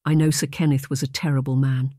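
A woman's voice: very deep voice, level tone, fast talker, mellow, dry recording, studio quality. A narrator voicing a dignified noble lady who speaks formally, trying to keep her composure. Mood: earnest. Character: noble English lady, composed yet shaken.

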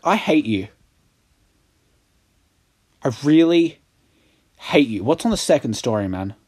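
A man's voice: fairly low pitch, a little mellow. A young man giving casual gameplay commentary, sarcastic and exasperated and swearing a lot at the game. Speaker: gaming YouTuber.

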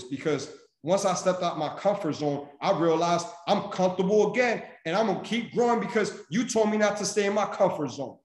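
A man's voice: high-pitched, a little fast. A man giving a motivational speech to his sales team, emphatic and preachy. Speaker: senior vice president and sales mentor. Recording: echoey room.

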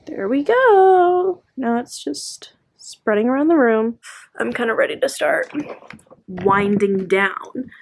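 A woman's voice: fairly high pitch, slow pace. Chatty young woman vlogging from home. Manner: chatty, lots of "like" and "um". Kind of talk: casual vlog chat. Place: at home, bedroom.

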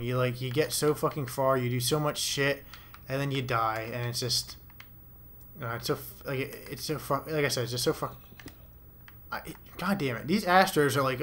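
A man's voice: medium pitch, bright, forceful tone, slight background noise. A young man giving rambling, profane commentary to himself while playing a game. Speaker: gamer. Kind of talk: casual let's play commentary.

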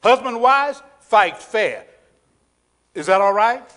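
A man preaching a sermon in a church, calling out to the congregation, repeating phrases and dropping to a hushed intensity in prayer. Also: sits high, animated, slow. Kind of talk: sermon with altar call. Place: church sanctuary.

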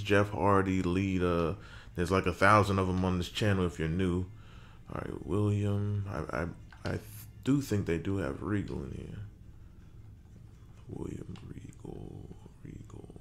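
Building a wrestler in a video game, this gaming creator narrates in a low voice against slight background noise. His commentary is casual, full of muttering to himself, with occasional mild swearing.

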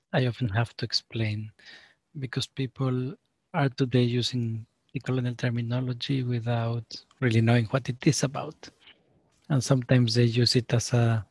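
A man speaking as a sociologist guest, giving a deliberate, lecture-like explanation of his ideas. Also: mid-range voice, slightly rough, no room sound. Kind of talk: academic explanation.

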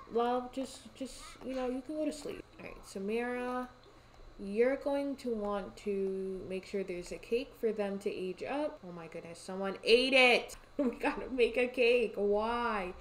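A woman's voice: on the high side, darkish tone, a little hiss or hum. A young woman, giving casual gameplay commentary, talking to the characters on screen and exclaiming in exasperation. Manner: exasperated, talks to game characters, frequent exclamations. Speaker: gaming YouTuber.

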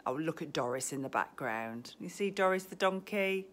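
Woman, lowish voice, chatty shop host on a live stream, gushing, hushed asides, handheld phone in a shop. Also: lively intonation, normal speed, hardly any pauses, slight background noise. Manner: chatty and gushing, dropping to hushed near-whispers over items. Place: indoor shop. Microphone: phone camera held in hand.

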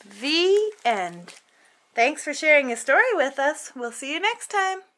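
A woman reading a picture book aloud to children in an expressive, playful storytelling manner. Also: high voice, unhurried, slight background noise.

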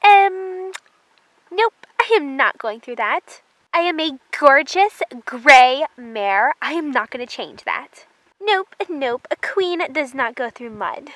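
A woman's voice: high voice, lively intonation, slow, a bit bright, no echo, heavily acted, rough recording. A woman voicing a vain, haughty gray mare who calls herself a queen, in a toy horse drama. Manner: snooty, dramatic, complaining.

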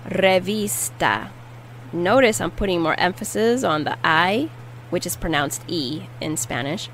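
A woman teaching a language lesson, repeating each word slowly and carefully. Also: lowish voice, fairly bright tone, slight background noise, low-quality recording. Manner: slow, careful repetition of words. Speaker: Spanish teacher.

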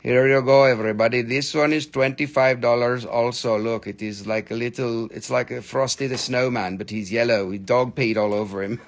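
Creaky-voiced man hawking crystals live. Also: mid-range voice, moderate pace. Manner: playful, joking, swings between loud teasing and quiet muttering. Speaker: live-stream crystal seller. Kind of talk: live sales stream patter.

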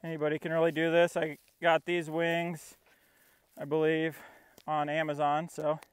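The voice is a man's, on the high side, clear and resonant, delivered flatly at a moderate pace in a dry recording. He's out in a field training his puppy for a casual vlog, coaxing the dog and narrating each step between commands.

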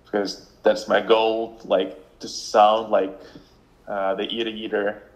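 A man's voice: lowish voice, level tone, poor audio. Hesitant man with a Russian accent. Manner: slow, hesitant, searching for words. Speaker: language learner. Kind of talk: casual chat.

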